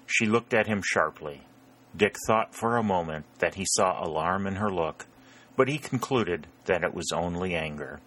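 A man reading a historical novel aloud in a measured, even storytelling manner. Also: low voice. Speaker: narrator. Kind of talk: audiobook narration.

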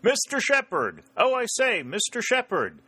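A man's voice: on the low side, moderate pace, sharp tone, no room sound. A man voicing an eager young male Southern staff officer in a storybook reading, earnest and friendly. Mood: shouting. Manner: earnest, calling out across water.

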